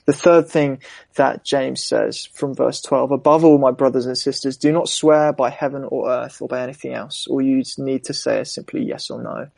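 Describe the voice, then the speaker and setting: Young male preacher, earnest and reflective; gravelly voice, dry close recording. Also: mid-range voice, steady tone, normal speed, darkish tone, no echo. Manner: earnest, reflective, personal asides. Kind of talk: sermon.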